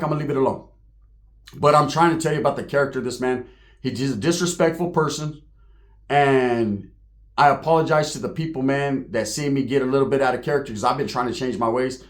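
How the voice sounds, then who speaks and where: A man's voice: medium pitch, brisk, pauses often. A man hosting his online show, ranting straight at the camera in profane, slangy street talk. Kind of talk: heated direct-to-camera rant.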